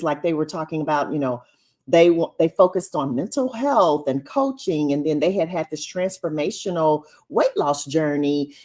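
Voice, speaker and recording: A woman co-hosting a casual livestream chat over a video call, chatty and animated. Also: fairly low pitch. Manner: animated, chatty, laughs often. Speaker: co-host and co-author.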